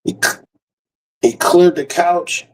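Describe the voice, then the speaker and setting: A man's voice: high voice, takes it slowly, distant mic, rough recording. A man telling a comic story casually, loose and profane, laughing often and restarting his sentences. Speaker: comedian.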